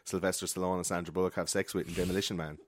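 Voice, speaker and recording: A man co-hosting a casual film chat, swearing freely and acting out quotes in loud, high voices. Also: flat delivery, very fast, slightly rough, no echo, studio quality. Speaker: podcast co-host.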